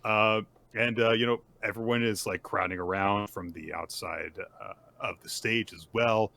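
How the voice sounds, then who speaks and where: Deep-voiced man recapping manga casually. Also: moderate pace, gravelly. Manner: animated retelling with put-on character voices. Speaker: podcast co-host.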